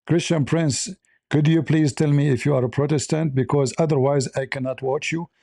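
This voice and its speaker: A man's voice: a little high, fairly even intonation, normal speed, gravelly, dark tone, dry recording, studio quality. A man hosting a livestream, answering chat messages in a blunt and sarcastic way.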